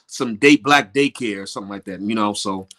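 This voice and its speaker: A man's voice: lowish voice, brisk, a bit bright. A man co-hosting a casual talk show, speaking emphatically and addressing the listeners directly.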